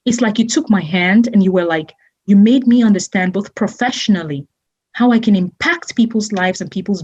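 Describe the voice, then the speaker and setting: A woman's voice: mid-range voice, darkish tone, breathy edge, muffled recording. A woman guest in an interview, speaking effusively and emotionally, often laughing and repeating her images. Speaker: guest, entrepreneur.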